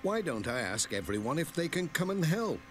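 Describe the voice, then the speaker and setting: A man's voice: a little high, sing-song, normal speed, fairly bright tone, a little hiss or hum. An actor voicing a cheerful, kindly village postman in a children's cartoon, chirpy and reassuring, with music playing behind.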